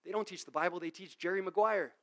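High-voiced, animated man preaching. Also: fast. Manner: animated, mocking mimicry of greedy preachers; swings from loud emphatic to quiet. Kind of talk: sermon.

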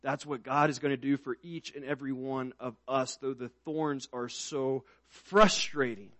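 A man preaching a sermon in a conversational way, swinging from soft, low passages to loud, emphatic ones. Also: steady tone, normal speed, dry recording. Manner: conversational, with restarts and asides.

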